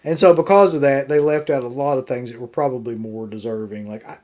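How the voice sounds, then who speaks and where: A man co-hosting a casual horror movie talk show, relaxed and opinionated, swearing casually as he weighs the list. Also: mid-range voice, quick pace. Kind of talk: casual chat reviewing a ranked list.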